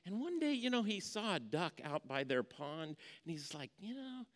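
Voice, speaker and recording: A man preaching a sermon, telling a folksy story, going from hushed to emphatic. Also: high-pitched, very animated, normal speed. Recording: long reverb of a large hall.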